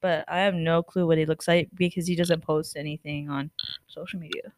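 A woman's voice: low voice, fairly even intonation, slight background noise. A young woman co-hosting a podcast, chatting playfully and laughing often. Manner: playful, quick to mimic voices and laugh. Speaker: podcast co-host. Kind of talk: casual chat.

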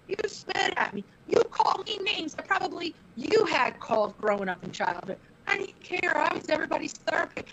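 Older lady telling filthy stories, loud and brash, high voice bouncing all over, crappy noisy laptop mic. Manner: brash, foul-mouthed, animated. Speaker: guest. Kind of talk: profane storytelling interview. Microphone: laptop mic on a video call.

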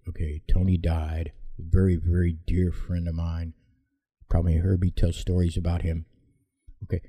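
A man's voice: sits low, warm tone, slightly rough, no room sound. A man casually telling a rambling personal story to his viewers, bluntly correcting himself as he goes.

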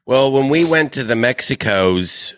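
A man's voice: mid-range voice, lively intonation, a little slow, a bit bright, no room sound. A man co-hosting a podcast, telling stories and chatting in an easygoing way. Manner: easygoing anecdotal storytelling. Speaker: podcast co-host. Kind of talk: casual chat.

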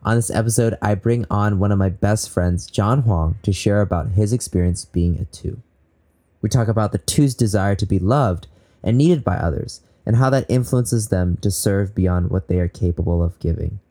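A man's voice: lowish voice, moderate pace, dark tone. A young man from Southern California hosting a faith podcast, upbeat and eager, laughing often. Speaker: podcast host. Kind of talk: casual faith podcast talk.

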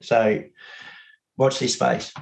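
A laid-back Australian man chats as a podcast guest. He laughs easily and swears casually, with a mid-pitched voice. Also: little pitch movement, very slow, gravelly, rough recording.

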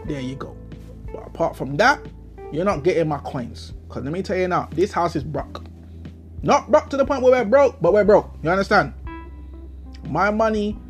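A young man with a London accent hosting a solo podcast, telling a story as an indignant, slang-heavy rant full of rhetorical questions. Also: fairly high pitch. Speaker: podcast host.

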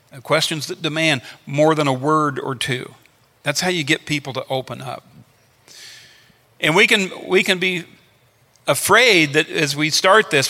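A man's voice: a little high, bright, forceful tone. A man preaching a sermon, teaching earnestly and repeating his phrases to drive points home. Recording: long hall reverb.

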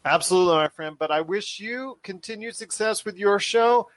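A man hosting a pop culture podcast in energetic, rambling casual chat. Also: sits high, moderate pace. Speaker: podcast host.

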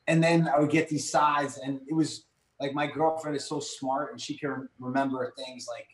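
A man in his thirties telling stories in casual chat, animated and rambling with lots of fillers. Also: mid-range voice, normal speed. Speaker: podcast guest. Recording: echoey room.

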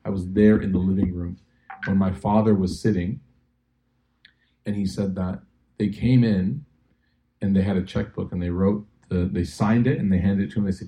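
A young man lecturing to a hall full of listeners, swinging from hushed asides to excited peaks as he acts out the people in his stories. His voice sits low and warm, mellow rather than bright. He keeps it conversational and funny even on serious points. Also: normal speed, gravelly, pauses often. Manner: animated storytelling, acting out quotes, jokey asides. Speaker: imam lecturer. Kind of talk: lively religious lecture to a live audience.

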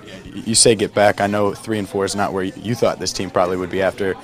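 A man's voice: deep voice, steady tone, fast talker. A man, a sports reporter asking a player questions, who often stumbles and repeats words when starting a question. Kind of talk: locker-room interview questions.

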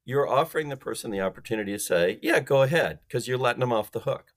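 A man's voice: medium pitch, lively intonation, fast. A man talking as a guest expert on a sales podcast. He explains things emphatically and acts out phone calls in different voices.

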